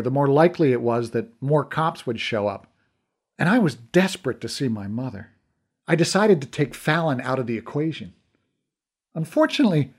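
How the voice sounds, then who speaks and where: A male audiobook narrator with a somewhat high voice, reading a first-person adventure in a scripted way. His delivery is expressive and lively, rising and falling through the scene. He voices the characters as he goes. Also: slightly rough.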